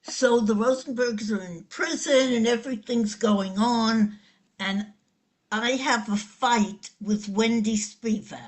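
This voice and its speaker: A woman in her seventies from New York City tells a childhood story with animation. She speaks slowly, and her voice is fairly high. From the Bronx, New York City. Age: 70s. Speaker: interviewee. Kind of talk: oral history interview.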